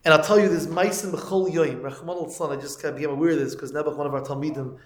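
A man with a high voice delivers a Torah lecture, telling a story and then rising into emphatic moral preaching. His talk is full of Yiddish and Hebrew terms, and the room around him rings with echo. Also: fairly even intonation, fast. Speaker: teacher of yeshiva students. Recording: echoey room.

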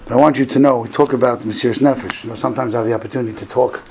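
A man delivers a Hanukkah talk to an audience, weaving stories and lessons. His voice sits in a middle register with a gravelly grain, and he lifts sharply in pitch and loudness when acting out what others said. Faint background noise sits under the recording. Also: very fast, poor audio. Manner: animated storytelling, climbs high and loud for quoted lines. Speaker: rabbi giving a talk.

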